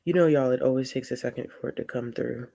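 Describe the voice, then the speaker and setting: A man with a gravelly, warm, medium-pitched voice hosts a laid-back book livestream. Tired and yawning, he rambles slowly, says "y'all" a lot, and greets viewers in the chat.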